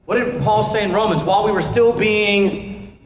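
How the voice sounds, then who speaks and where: A man's voice: high voice, normal speed. A man, a pastor, teaching a Bible class in a casual, joking way and asking the class questions. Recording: echoey hall, dull lo-fi sound, faint noise.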